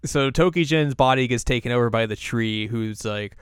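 A man's voice: medium pitch, normal speed, smooth, no echo, clean studio sound. A man co-hosting a podcast, casually recapping episodes in a laid-back, loose way. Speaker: podcast co-host.

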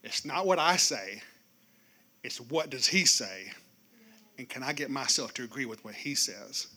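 A male pastor preaching a sermon, animated and joking, swinging between loud and hushed. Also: medium pitch, a little slow. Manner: joking, speaks straight to the congregation.

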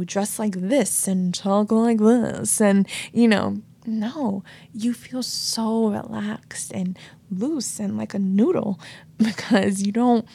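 This New York City podcast host, from the United States, shares earnest, casual stories on her reflective solo show, sprinkling in lots of "like" and "you know." Her mid-range voice is husky and a little mellow, with vocal fry.

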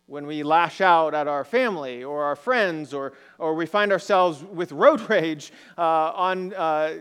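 Man, pastor, sermon, slightly high voice, rhetorical questions, long hall reverb. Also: fairly bright tone, smooth. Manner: conversational, asks the congregation rhetorical questions.

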